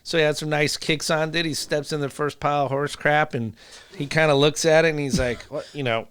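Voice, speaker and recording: A man telling animated stories in a casual podcast chat, laughing often and acting out dialogue. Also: fairly high pitch, a little fast, clear, resonant tone. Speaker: podcast guest, food truck owner.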